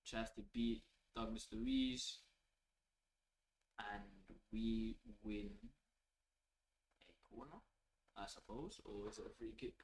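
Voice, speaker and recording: A man calls the match live as a fan host, his voice in the middle range. He talks in an excitable, opinionated way and swears casually. The room around him gives the voice an echo. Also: mid-range voice, takes it slowly, creaky, pauses often, slight background noise. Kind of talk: live match reaction commentary. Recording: roomy echo.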